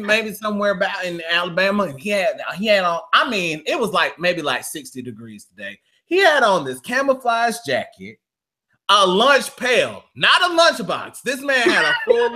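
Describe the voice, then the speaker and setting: Man, high voice, bright and forceful, very lively pitch, loud profane storytelling, talk show co-host. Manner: loud, profane, acts out quotes in shifting voices. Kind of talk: animated comedic storytelling.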